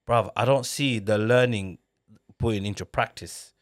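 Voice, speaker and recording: Casting: man, podcast host, animated and slangy, mid-pitched. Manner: animated storyteller, slangy, quick laughs. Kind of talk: casual podcast chat.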